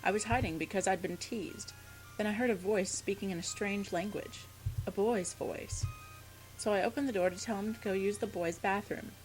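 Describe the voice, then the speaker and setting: A woman's voice: mid-range voice, normal speed, soft background music, natural voice, rough recording. A woman voicing a moping ghost schoolgirl, reading game dialogue aloud in a plain voice. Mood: glum.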